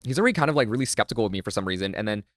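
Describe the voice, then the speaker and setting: A young man chatting on a podcast, his words tumbling out fast and loaded with fillers. His voice sits a little low. The sound is dry and close. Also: animated, fairly bright tone, dry recording. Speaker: podcast guest, content creator. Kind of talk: casual chat.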